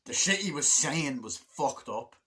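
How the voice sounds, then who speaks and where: A man's voice: fairly high pitch, lively intonation, a little slow, pushed and bright. A young man reviewing a movie in a rambling, casual way, swearing often and acting out lines in put-on voices.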